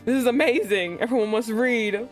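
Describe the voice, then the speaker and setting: A young woman hosting a casual livestream chat, excitable, swearing and breaking into laughing outbursts. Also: fairly high pitch, moderate pace, faint music behind. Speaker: streamer host.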